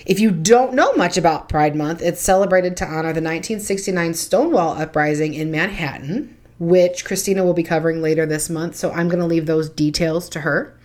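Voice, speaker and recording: Lower-voiced woman co-host; blunt, swears a lot, self-deprecating. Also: fairly quick, a little mellow. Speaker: true crime podcast co-host. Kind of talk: casual profane storytelling.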